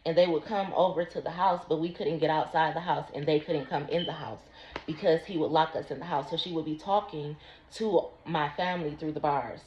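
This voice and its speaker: A woman telling a personal story slowly and deliberately to her vlog audience. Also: low voice, a little mellow. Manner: slow, deliberate recounting. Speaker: vlogger. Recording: roomy, dull lo-fi sound.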